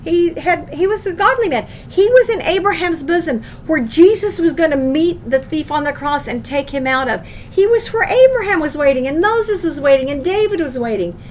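A woman's voice: high voice, animated, moderate pace, hardly any pauses, slight background noise. A woman teaching a Bible study class, reading verses aloud and stressing her points with questions to the group. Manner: emphatic, asks the class questions.

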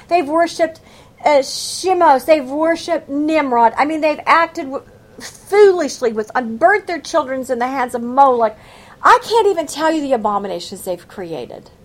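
A woman's voice: a little high, a little hiss or hum. A woman teaching a Bible study, reading scripture aloud and adding emphatic, folksy commentary.

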